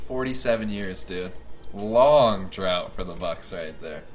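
Man with a lower voice, jokey sports podcast co-host, quick sarcastic riffs. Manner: jokey, sarcastic banter with frequent laughter. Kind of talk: casual sports chat.

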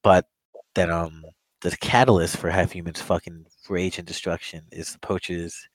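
A man's voice: deep voice, level tone, moderate pace, no echo, rough recording. A man reviewing an old monster movie in casual chat, rambling, swearing often and laughing at the story as he retells it. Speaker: podcast co-host.

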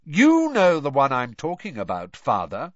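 A man's voice: on the high side, very animated, normal speed, fairly bright tone, no echo, lo-fi sound, pitched above the performer's own voice. A man voicing a pompous, sanctimonious young official. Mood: self-important. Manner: sanctimonious, self-important.

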